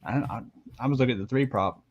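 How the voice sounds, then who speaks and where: A man on a sports betting panel, excitable, rambling and swearing freely. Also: mid-range voice, rapid-fire. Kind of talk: casual sports betting chat. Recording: dull lo-fi mic.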